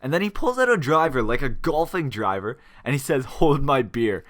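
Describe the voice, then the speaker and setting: Animated young man telling a story. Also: medium pitch, fairly quick. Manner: animated, swears freely, laughs while telling. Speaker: gaming channel host. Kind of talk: casual storytelling vlog.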